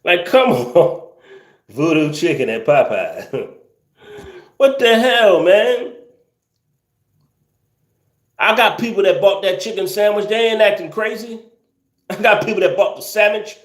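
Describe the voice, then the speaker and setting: A man's voice: sits high, expressive, normal speed, echoey room. A man hosting a casual livestream, reading viewer comments and ranting with incredulous laughter and slang.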